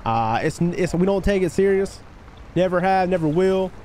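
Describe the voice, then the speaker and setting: A man live-streaming a game, chatting casually with his viewers and hyping up shout-outs to chat. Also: lively intonation, normal speed, a little hiss or hum. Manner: hyped shout-outs to chat, voice jumping high on greetings; laid-back, easygoing talk between shout-outs.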